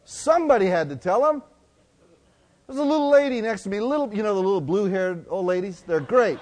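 A middle-aged man preaching a sermon, telling stories and swinging from loud to hushed. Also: high-pitched, animated, a little fast. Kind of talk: sermon storytelling.

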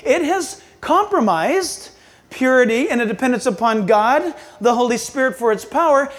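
Preacher man swinging from loud to hushed. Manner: swings between loud bursts and hushed low asides. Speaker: pastor. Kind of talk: sermon.

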